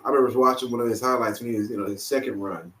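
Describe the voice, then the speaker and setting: A young man co-hosting a podcast in a casual chat, telling animated stories and laughing often. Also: medium pitch, very fast, recorded from a distance. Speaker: podcast co-host. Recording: echoey room.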